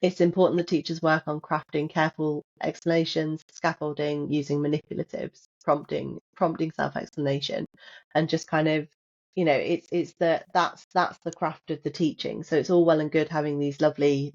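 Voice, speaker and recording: A woman's voice: low-pitched, level tone, normal speed, a little mellow. A woman, a maths educator, speaking enthusiastically and reflectively in a casual podcast discussion. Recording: dull lo-fi sound.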